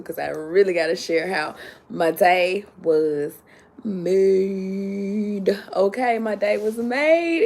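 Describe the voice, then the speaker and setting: A woman hosting a casual livestream, chatty and excitable, greeting viewers by name and repeating herself, a little sleepy. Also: medium pitch. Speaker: livestream host.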